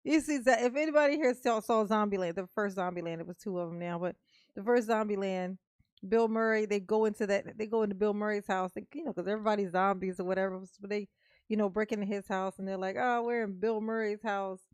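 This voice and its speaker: A woman's voice: mid-range voice, fast talker, darkish tone, clean tone, no room sound, clean studio sound. A woman hosting a reaction video, chatting casually and animatedly, laughing often and swearing freely.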